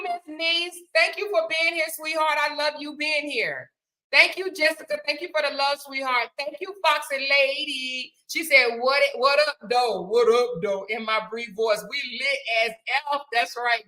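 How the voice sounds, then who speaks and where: A woman hosting a casual livestream, speaking in a bright, forceful voice set a little high. She hammers her points home by repeating them, then turns to thanking viewers one by one. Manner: emphatic, repeats phrases, preachy then affectionate. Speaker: livestream host. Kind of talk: casual livestream chat reading super chats.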